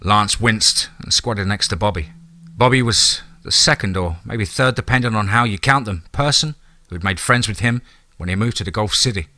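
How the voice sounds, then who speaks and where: A man narrating a scripted horror story in a measured, dramatic way. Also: fairly low pitch, sharp tone, no echo.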